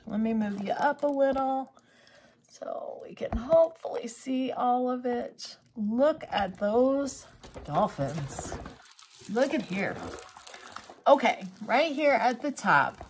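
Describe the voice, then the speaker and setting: A woman's voice: a little high, a little hiss or hum. A woman craft vlogger giving casual unboxing commentary, gushing with exclamations and chatty asides to her viewers.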